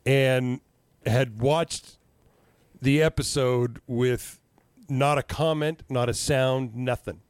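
A man telling stories in easy chat, cursing freely and jumping into the voices of people he quotes. His pitch sits in the middle of a man's range. The sound is dry and close, with no room echo. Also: slow, smooth. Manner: animated storyteller, swears freely, acts out quotes. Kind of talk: casual chat.

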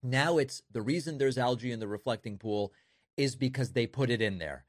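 A man's voice: mid-range voice, moderate pace, no room sound. Guy hosting a political show, sarcastic, dry close sound. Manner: sarcastic, mocking. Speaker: political commentary host. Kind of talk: commentary on news clips.

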